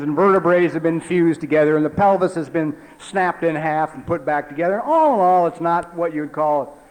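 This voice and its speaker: In a meeting hall, a man in his forties shares his personal recovery story, speaking conversationally with plenty of "you know" and dropping his voice low and quiet for emphasis. The audio is poor.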